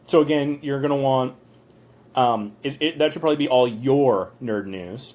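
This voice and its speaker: A man's voice: medium pitch, fairly even intonation, normal speed, a little mellow. A man hosting a live stream from a motel room on his phone, chatting loosely through viewers' channel reviews with lots of ums and the odd rant. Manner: chatty, rambling, with frequent ums and small rants. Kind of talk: casual live-stream commentary.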